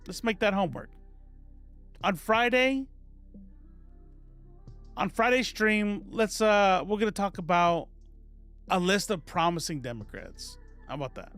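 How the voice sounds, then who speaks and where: A man's voice: high-pitched, lively intonation, measured pace, long pauses, a bit bright, faint music behind. A man doing casual live-stream political commentary, sarcastic and rambling, reading viewers' comments aloud as he goes.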